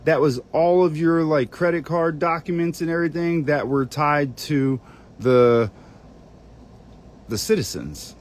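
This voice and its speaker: A man hosting a channel rambles in a screen-share, looking through documents and muttering, sometimes cursing under his breath. He speaks in a fairly high pitch, unhurried, over a slight hiss or hum.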